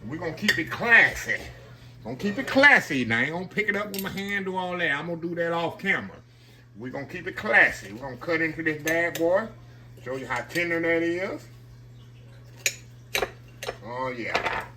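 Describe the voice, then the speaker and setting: Bright, chatty man cooking. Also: fairly high pitch, lively intonation, brisk, pauses often. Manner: chatty, keeps saying "y'all". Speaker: home cook channel host. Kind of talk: casual cooking demo. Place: home kitchen, frying on the stove. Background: frying sizzle.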